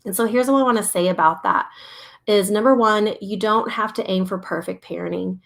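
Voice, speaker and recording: A woman's voice: mid-range voice, fairly quick, creaky, fairly bright tone. A woman in her thirties, a play therapist, talking casually and animatedly to her viewers, often laughing. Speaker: registered play therapist and parenting host. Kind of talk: casual talk to a live audience.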